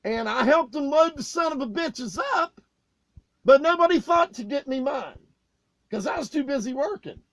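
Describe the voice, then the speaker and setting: Loud, high-voiced man swearing through stories. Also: moderate pace, no room sound. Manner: loud, swearing, animated retelling with raised outbursts. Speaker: podcast co-host telling stories. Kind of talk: casual profane storytelling.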